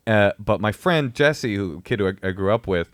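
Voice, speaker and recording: A man in his thirties with a lowish voice, chatting casually as a comedian on a podcast. He rambles through his story with lots of fillers and false starts. The sound is dry and close to the mic. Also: lively intonation, normal speed, dry recording.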